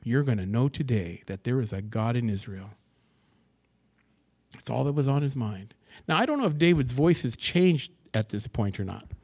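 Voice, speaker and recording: A man preaching a sermon to a church assembly, reading scripture aloud and commenting on it, dropping to hushed asides and rising to excited bursts. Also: medium pitch, normal speed. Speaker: pastor.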